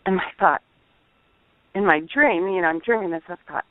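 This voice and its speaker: A middle-aged woman calling in, telling a personal testimony in an earnest, halting way, over the phone. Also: fairly low pitch, dry recording. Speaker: caller. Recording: tinny dry phone line.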